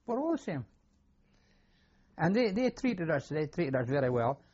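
Through muffled audio, an older Scottish war veteran tells his memories in an oral history interview, very animated and at normal speed. His voice is a little high, darkish and husky, and he speaks plainly, repeating himself now and then.

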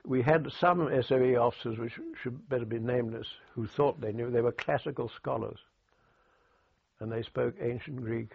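An older British man in an oral history interview, recalling wartime radio work in an anecdotal way with dry humour and halting restarts, heard over a tinny phone-like recording. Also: mid-range voice, vocal fry, breathy edge. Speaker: war veteran interviewee.

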